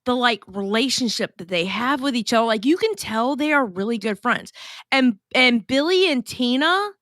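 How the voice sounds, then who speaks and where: A woman's voice: a little high, lively intonation, normal speed, fairly bright tone, no echo, studio quality. A woman hosting a casual livestream, reading chat messages aloud and chatting in a blunt, profane, gossipy way.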